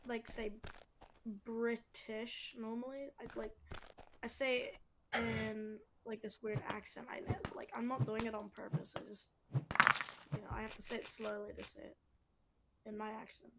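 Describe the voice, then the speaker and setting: A woman's voice: a little high, level tone, normal speed, creaky, heavy background noise. Hesitant Australian woman on voice chat. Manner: hesitant, full of "like" fillers. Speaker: stream chat guest. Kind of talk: casual voice chat.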